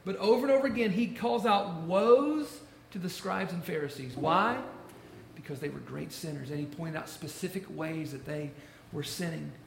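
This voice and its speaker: High, gravelly-voiced man preaching. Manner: emphatic, repeats key phrases slowly. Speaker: pastor. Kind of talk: sermon. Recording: echoey room with faint noise.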